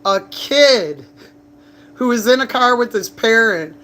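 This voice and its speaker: A woman's voice: a little high, moderate pace, bright, forceful tone. A woman chatting casually on a livestream from a bar, rambling through stories with laughs and coughs. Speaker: livestreamer and bartender. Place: bar, indoors.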